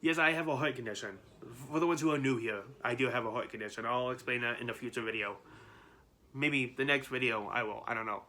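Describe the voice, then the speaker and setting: A man's voice: medium pitch, quick pace, sharp tone. A man in his twenties ranting to his viewers in a vlog, trying to hold back his anger as he rambles with many restarts. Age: 20s. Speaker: YouTuber.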